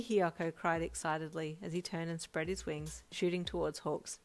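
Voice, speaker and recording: A woman narrating a second-person fanfic story in an expressive, lively manner. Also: on the low side, normal speed.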